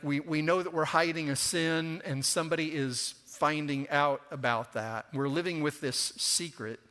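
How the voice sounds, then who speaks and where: In a church sanctuary full of long reverb, a middle-aged man preaches a conversational sermon, sometimes acting out the voices of the people he quotes. His voice sits on the high side and sounds a bit bright.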